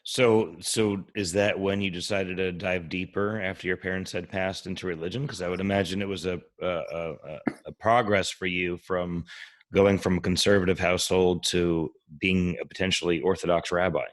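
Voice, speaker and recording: A man's voice: low-pitched, fairly even intonation, normal speed. A man interviewing a guest, asking questions hesitantly with stumbles.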